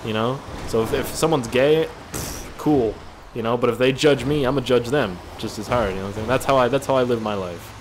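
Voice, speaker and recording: A man's voice: mid-range voice, a little fast, noisy background. A man giving casual gameplay commentary as a video creator, rambling and jokey with lots of swearing. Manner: rambling, profane, jokey storytelling.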